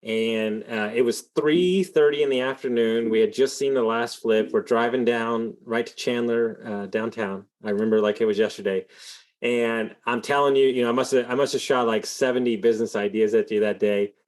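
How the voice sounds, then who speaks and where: Rambling, animated male podcast host. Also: mid-range voice, normal speed. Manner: rambling, filler-heavy, profane, animated storytelling. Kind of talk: casual storytelling in an interview.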